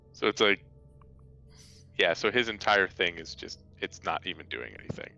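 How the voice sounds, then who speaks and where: A man's voice: low-pitched, expressive, normal speed, vocal fry, long pauses, sharp tone, dull audio, faint music behind. A man playing a tabletop game, easygoing and joking with the group. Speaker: player. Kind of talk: casual tabletop play.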